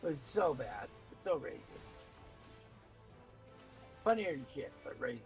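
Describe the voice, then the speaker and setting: A man's voice: on the high side, big pitch swings, unhurried, a little mellow, faint music behind, poor audio. Chatty man rambling while gaming. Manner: rambling, chatty, talks with a co-player. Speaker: streamer playing an online game. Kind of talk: casual chat while gaming.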